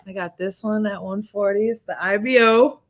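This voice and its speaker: A woman in her thirties, a boxing champion being interviewed, telling animated stories with laughs and swearing. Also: medium pitch, moderate pace, a little hiss or hum. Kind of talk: casual interview chat.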